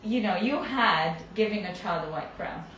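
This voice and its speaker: A woman pediatric dentist chatting casually with a colleague, animated and laughing often as she acts out her young patients. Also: mid-range voice, normal speed, muffled recording, a little hiss or hum. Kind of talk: casual chat. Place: dental clinic. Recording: echoey room, far from the mic.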